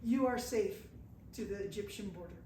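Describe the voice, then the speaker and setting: A woman's voice: mid-range voice, normal speed, mellow. A woman from the United States telling a live travel story to an audience, acting out the people she quotes and laughing at herself. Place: indoor event room with an audience. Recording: echoey room from far off, faint noise.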